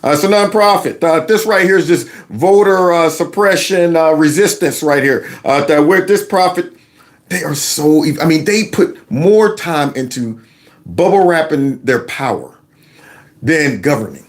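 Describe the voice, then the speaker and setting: A man hosting an opinionated commentary vlog, talking in an emphatic, colloquial and indignant way with big swings in pitch. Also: animated, unhurried. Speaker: political commentary host.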